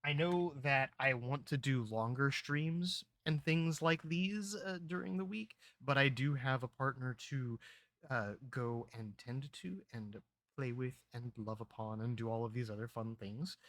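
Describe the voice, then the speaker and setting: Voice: medium pitch, measured pace, fairly bright tone, no room sound. A streamer giving casual, rambling gameplay commentary with casual swearing. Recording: game music under the voice. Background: game music.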